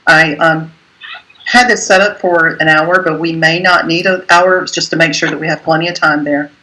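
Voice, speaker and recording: A woman's voice: sits low, steady tone, moderate pace, sharp tone, low-quality recording. A woman organizing the party, speaking in a practical, apologetic way on a video call.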